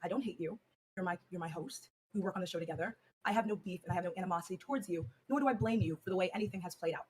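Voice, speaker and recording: A woman co-host answering calmly in a flat, measured, serious monotone. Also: on the low side, a little hiss or hum. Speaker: co-host on a live stream. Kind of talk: serious on-air reply.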